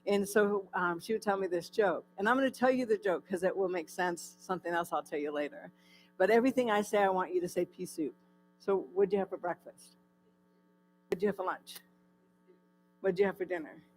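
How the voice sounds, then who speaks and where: A guest speaker from California shares her personal testimony with a church audience in a church hall, filling her story with fillers and posing questions to listeners. Her voice is on the low side and fairly quick, with faint music behind it on a low-quality recording.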